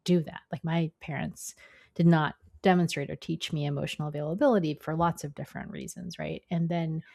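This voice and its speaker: A woman's voice: low voice, lively intonation, brisk, creaky, mellow, no room sound, studio quality. A woman podcast host and coach, talking thoughtfully and conversationally about her clients. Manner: thoughtful, conversational, relating guest's story to her own clients. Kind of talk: casual interview talk.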